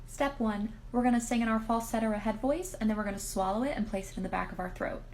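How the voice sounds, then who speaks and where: A woman's voice: on the high side, quick pace, a little mellow, a little hiss or hum. A woman explaining step by step, in an upbeat and chatty way, how to sing like pop singers. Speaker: singer and impressionist. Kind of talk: casual singing tutorial.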